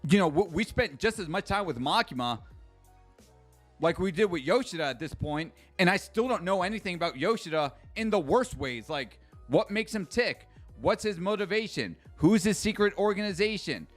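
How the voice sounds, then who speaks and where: A man's voice: sits high, animated, normal speed, faint music behind. A man streaming a live manga reaction, ranting with profanity and sarcasm and reading out chat comments.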